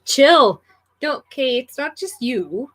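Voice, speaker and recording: A woman's voice: sits high, lively intonation, slow pace, rough recording. A woman co-hosting a casual livestream, talking bluntly and sarcastically. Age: adult with children. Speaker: livestream co-host reading viewer messages.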